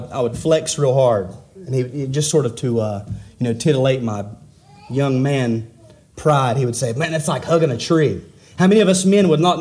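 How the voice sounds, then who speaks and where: A middle-aged man preaching a sermon to his church, asking rhetorical questions and rising and falling in pitch. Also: a little mellow. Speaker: pastor.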